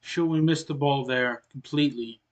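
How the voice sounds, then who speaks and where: A man casually commentating a soccer video game he is playing, explaining the score as he goes and often clearing his throat. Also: medium pitch, normal speed, dull audio. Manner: relaxed, explains as he plays, frequent throat clearing. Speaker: gaming channel host.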